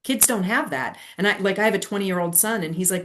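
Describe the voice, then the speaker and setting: A woman in her forties, a former educator, explaining ideas in a lively conversational interview. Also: mid-range voice, a little hiss or hum. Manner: animated storytelling with quick asides. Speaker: guest, leadership strategist and former educator.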